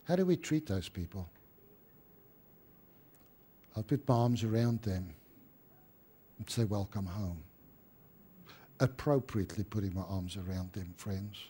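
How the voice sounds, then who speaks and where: A man preaching a sermon as pastor, rising to emphatic stress and dropping to hushed tones. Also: lowish voice, expressive, unhurried, long pauses, breathy edge.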